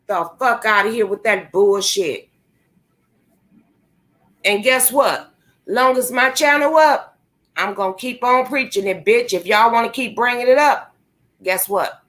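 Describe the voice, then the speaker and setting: Angry high-voiced woman ranting. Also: measured pace, long pauses, fairly bright tone. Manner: profane, confrontational, preachy. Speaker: vlogger. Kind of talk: angry rant to camera.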